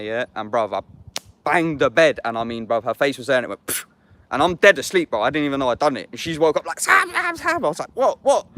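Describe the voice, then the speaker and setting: A man's voice: mid-range voice, fairly bright tone. A young adult man with an English accent, chatting casually and slangily on a livestream, swearing and answering chat comments.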